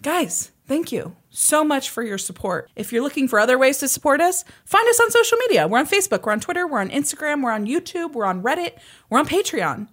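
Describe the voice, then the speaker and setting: A woman co-hosting a podcast in casual chat, bubbly and quick to laugh. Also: sits high, animated, a bit bright, breathy edge. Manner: bubbly, laughs often, sings short bits. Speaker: podcast co-host.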